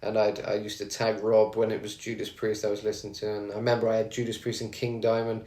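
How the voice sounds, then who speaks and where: Low, flat-voiced man telling stories. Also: fast. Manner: rambling, chatty, frequent fillers and restarts. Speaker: radio show host. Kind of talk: casual anecdotal storytelling. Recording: roomy echo.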